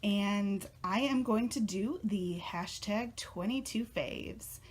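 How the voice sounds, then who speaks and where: A young woman chatting casually as a tarot vlogger, a little out of breath, bubbly and excitable and laughing often. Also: medium pitch, takes it slowly, breathy edge. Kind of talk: casual chat.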